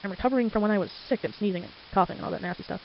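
Rambling teen with a stuffy nose, fast talker. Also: mid-range voice. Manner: chatty, rambling, easily sidetracked. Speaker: amateur artist. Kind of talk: casual rambling narration while drawing. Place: home at night. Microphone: desktop microphone. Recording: lo-fi with faint hiss.

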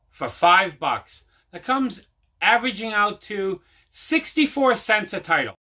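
A man's voice: high-pitched, animated, normal speed, bright, forceful tone. A man hosting his own home video, telling a long casual story with lots of fillers and repeats. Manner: rambling, repeats himself, many fillers. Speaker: host.

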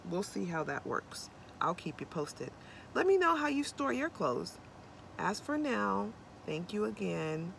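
A woman's voice: medium pitch, sing-song, measured pace, gravelly, a bit bright, a little hiss or hum. A young adult woman chatting casually to camera from inside her van, bubbly and corny, rambling with lots of ums. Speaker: vlogger. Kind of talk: casual vlog chat to camera.

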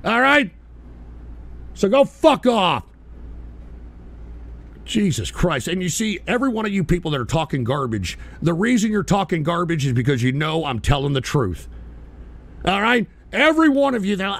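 A man hosting a live talk radio stream, ranting combatively with profanity and bursts of shouting. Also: sits high, very animated, moderate pace, creaky, pauses often. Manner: mocking whiny impressions of critics.

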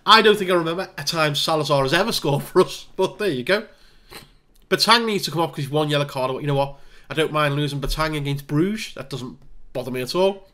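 A man with a slightly raised voice talks through a football management game as a casual let's-play. He narrates the action play-by-play, makes dry jokes at his own expense, and gets excited when goals go in. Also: on the high side, a little fast. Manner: wry, self-deprecating asides. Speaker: gaming video creator.

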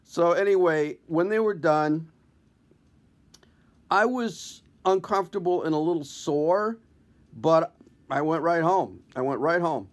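Brief: male comedian, self-deprecating storyteller, slightly high voice, casual. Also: unhurried, pauses often. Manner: wry, conversational, self-deprecating. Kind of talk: comic personal storytelling to camera.

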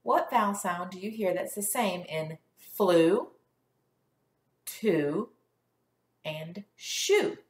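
A woman teacher leads young children through a phonics lesson, sounding out words slowly and clearly for them to repeat. She speaks at an unhurried pace, and her voice carries in a roomy, echoing space. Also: fairly low pitch, expressive. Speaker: first grade teacher.

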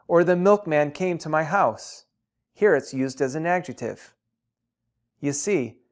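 Man, tutorial presenter, higher-pitched, measured scripted narration, teacherly.

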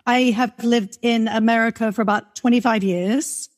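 A woman in her forties from London with a softened English accent, chatting animatedly as an interview guest and laughing often. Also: on the high side, steady tone, normal speed. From London, England. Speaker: guest, music marketer. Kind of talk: casual interview chat.

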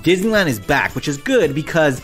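A man's voice: fairly high pitch, a little fast, faint music behind. A man co-hosting a podcast from a hot back room, joking and swearing as he rants. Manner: joking, swears freely, bursts into animated rants. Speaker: podcast co-host. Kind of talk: casual podcast chat. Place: uninsulated back room with fan and window open.

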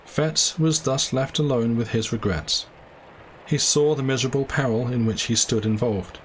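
A man giving a live, measured reading of a classic story as its narrator. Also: mid-range voice, a little hiss or hum, rough recording. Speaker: audiobook reader.

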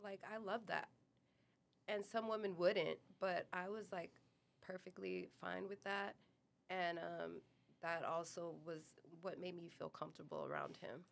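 A woman's voice: fairly low pitch, unhurried, vocal fry. Chatty New York woman telling her story. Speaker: guest. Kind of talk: casual storytelling.

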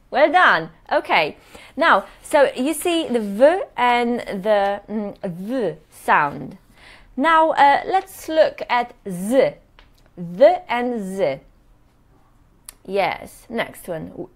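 A woman teaching English pronunciation in a live online workshop speaks with a high-leaning voice and big pitch swings. She demonstrates words slowly, tacking on "yes?" after nearly each point.

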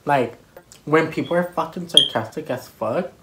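A woman with a notably low voice tells a story in a heated, blunt and swear-filled way. She is hosting her own vlog and eating on camera at home. A faint hiss runs under the recording. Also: moderate pace. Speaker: vlogger host. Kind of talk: casual storytelling chat while eating.

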